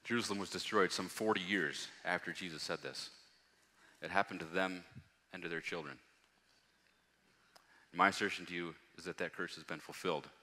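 A man preaching a sermon, reading scripture aloud and rising to loud, emphatic passages. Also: sits low, fairly even intonation, normal speed, pauses often. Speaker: pastor. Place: church hall. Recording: long hall reverb.

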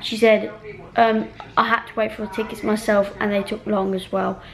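A woman's voice: medium pitch, level tone, normal speed, low-quality recording. A woman chatting at home in a casual, rambling vlog, full of ums and restarts. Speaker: vlogger.

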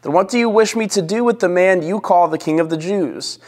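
A man's voice: sits high, a little fast, a little mellow, voice pushed up. A man reading the lines of a Roman governor, raising his voice to question a crowd.

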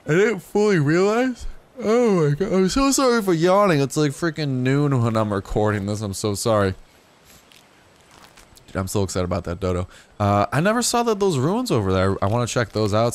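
With a medium-pitched voice, this young gaming YouTuber narrates his play in a loose, humorous way. Asides pile up as he rambles, punctuated by excited shouts.

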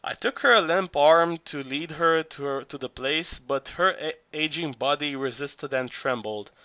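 A man narrating an audiobook in a halting reading voice, often stumbling and restarting words. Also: on the high side, sharp tone, no echo, dull audio.

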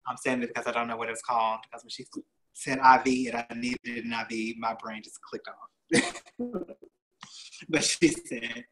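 A man hosting a motivational show, telling a personal story in a chatty, laughing, animated way. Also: mid-range voice, moderate pace, slight background noise, poor audio. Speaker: host.

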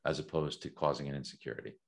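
A middle-aged American man talking as an interview guest, thoughtful and measured, often repeating words as he thinks. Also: rumbling low, creaky. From United States. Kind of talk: reflective interview talk.

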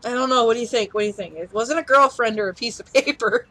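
A woman's voice: fairly high pitch, fast talker, fairly bright tone. A woman casually playing a video game with a child, laughing often and coaxing her along. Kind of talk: casual let's-play chat. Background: faint chiptune music.

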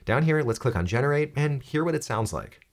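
A young man guiding viewers through a software tutorial. His voice moves lively up and down as he explains each click, with a light, joking touch. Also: medium pitch, a little fast. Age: young adult. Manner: upbeat, jokey step-by-step explaining. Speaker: tech tutorial host. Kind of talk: screen-recorded software tutorial.

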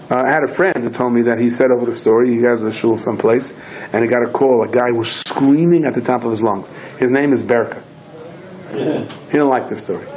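A man of middle pitch giving a storytelling Torah talk. He tells his stories with lively delivery and slips into his characters' voices as he goes. Faint ambient noise sits quietly behind him. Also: low-quality recording. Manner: animated storyteller who acts out voices and shouts in quoted lines. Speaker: rabbi.

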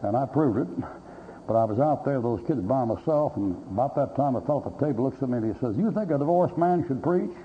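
Blunt, joking preacher on a dull old tape. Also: male voice, mid-range voice, quick pace. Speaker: pastor. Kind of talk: sermon with folksy anecdotes. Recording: dull lo-fi recording with faint hiss.

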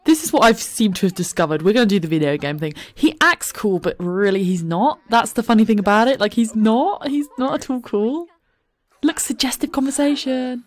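A woman's voice: a little high, lively intonation, moderate pace. Giggly woman gushing over a game. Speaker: gaming YouTuber. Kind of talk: let's play commentary. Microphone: desk microphone.

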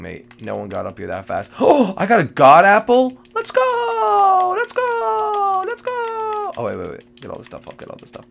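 Man, live gaming commentary, jittery, excitable, repeats himself, heavy vocal fry. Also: medium pitch. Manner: jittery and excitable, repeating phrases, with sudden loud outbursts. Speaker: gamer playing a multiplayer survival match.

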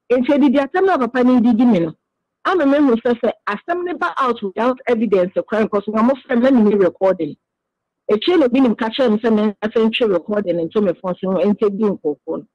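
A woman's voice: a little high, a little mellow, no echo. Interviewee, woman, earnest and explanatory, dry lo-fi radio sound.

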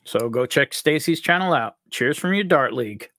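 Lively, upbeat man hosting a livestream. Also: mid-range voice, normal speed, no echo, clean studio sound. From upstate New York. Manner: upbeat, jokey, reads out chat names. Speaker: livestream host. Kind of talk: live chat greetings on a whiskey stream.

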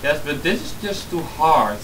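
A man's voice: on the high side, very animated, unhurried, far from the mic, background noise. A man chatting and joking with a friend while they play a video game together. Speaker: let's play co-player. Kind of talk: casual gaming banter.

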